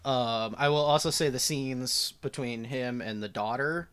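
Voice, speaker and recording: A young man co-hosting a podcast, chatting casually about movies, excitable, laughing and swearing. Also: medium pitch, measured pace, clean tone. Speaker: podcast co-host.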